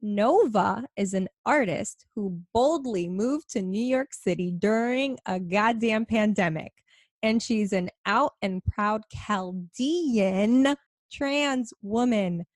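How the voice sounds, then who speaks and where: A woman's voice: medium pitch, takes it slowly, no room sound, clean studio sound. Bubbly, profane woman podcast host. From Middle Eastern. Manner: bubbly, profane, laughs often. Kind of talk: casual podcast chat. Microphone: home podcast microphone.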